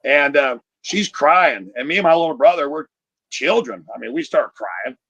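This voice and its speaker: A man's voice: fairly high pitch, normal speed, husky, no echo, highs cut off. A man telling a profane, punchy stand-up story over a video call. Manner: profane, punchy, animated delivery. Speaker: comedian.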